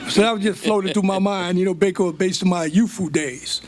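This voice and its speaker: A man's voice: high voice, fairly quick, a crowd in the background. An older man, telling stories from his life as a guest speaker on stage. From United States. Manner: animated storytelling, plays out quoted dialogue. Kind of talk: storytelling on stage.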